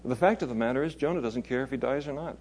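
A man's voice: medium pitch, fast, darkish tone, slight background noise. A man preaching an expository sermon in a conversational way, chuckling and adding playful asides.

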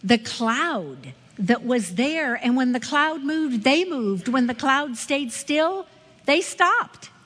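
A woman teaching a women's Bible study, expressive and asking her listeners questions. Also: high-pitched, slow pace. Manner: expressive, asks the audience questions. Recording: echoey hall with long reverb.

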